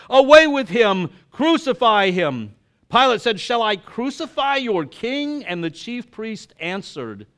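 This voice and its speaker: A man's voice: on the high side, fairly bright tone, clean tone. Man preaching with dramatic emphasis. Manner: dramatic reading with strong emphasis. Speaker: pastor. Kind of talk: scripture reading and sermon.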